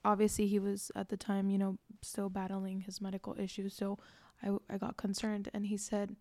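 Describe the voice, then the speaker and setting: A young woman in her twenties shares a personal story on her podcast, earnest and reflective, with lots of casual fillers. Her voice is mellow and a little gravelly with vocal fry. She keeps a fairly flat, even delivery, recorded close and dry. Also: mid-range voice, normal speed, no room sound. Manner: earnest, reflective, frequent "like" and "you know". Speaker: podcast host.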